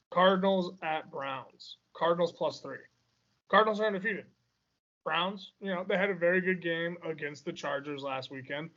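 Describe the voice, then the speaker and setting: A man's voice: fairly high pitch, a bit bright, lo-fi sound. A man co-hosting a podcast, confidently talking through his football betting picks with playful bravado. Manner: confident, self-mocking bravado. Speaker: podcast co-host. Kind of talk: casual sports betting chat.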